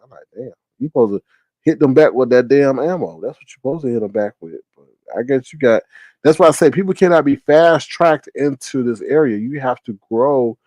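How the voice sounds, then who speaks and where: A man hosting a drama commentary vlog, telling stories in an animated, mocking way. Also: mid-range voice, dry recording. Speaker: host.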